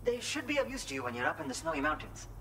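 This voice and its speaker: Brief: Indian-accented grateful young son in a game, polite and formal, crowd murmur behind. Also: male voice, on the high side, big pitch swings, very fast. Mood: earnest. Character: earnest young man, grateful son of an explorer.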